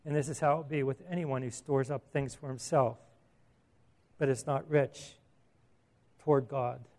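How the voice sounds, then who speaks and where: A man's voice: mid-range voice, fairly even intonation, moderate pace, long pauses, a little mellow. A man preaching a sermon in a conversational way, asking the audience questions and chuckling at his own asides.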